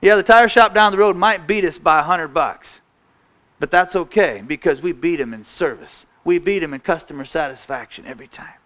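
A man preaching a sermon in a church, folksy, restarting phrases and often clearing his throat. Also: a little high, normal speed, a bit bright.

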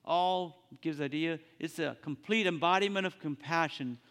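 Male preacher, earnest and halting, somewhat raised pitch, long hall reverb. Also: fairly bright tone, clear, resonant tone. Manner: earnest, halting, repeats phrases. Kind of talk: sermon.

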